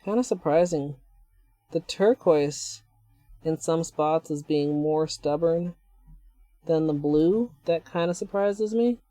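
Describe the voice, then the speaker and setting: A woman's voice: sits low, slow, dark tone, dry recording, studio quality. A woman chatting casually while livestreaming a nail art session, rambling and joking to her viewers. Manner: chatty, rambling, self-deprecating asides.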